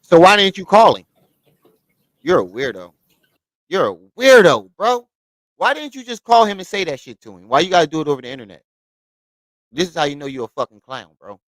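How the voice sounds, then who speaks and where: A man's voice: fairly high pitch, expressive, fast, fairly bright tone, no room sound, rough recording. A man giving heated reaction commentary, scolding and mocking the person in the clip and repeating his points. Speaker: commentary host reacting to clips.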